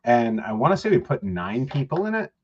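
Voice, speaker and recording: A man's voice: medium pitch, very animated, fairly quick, husky, highs cut off. A man co-hosting a podcast, telling rambling, profane stories in casual chat. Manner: rambling, profane storytelling with laughs. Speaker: podcast co-host.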